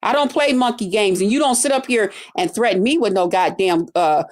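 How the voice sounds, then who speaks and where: A woman ranting angrily at her viewers on a livestream, cursing and confrontational, stretching out words for emphasis. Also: a little high. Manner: angry, profane, confrontational. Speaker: streamer addressing her viewers. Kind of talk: heated livestream rant.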